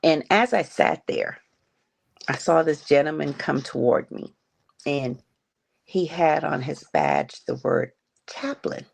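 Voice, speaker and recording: A middle-aged woman slowly and haltingly telling a painful personal story as a podcast guest. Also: deep voice, expressive, creaky. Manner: slow, halting, emotional retelling. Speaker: guest sharing her story. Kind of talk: personal testimony on a grief podcast.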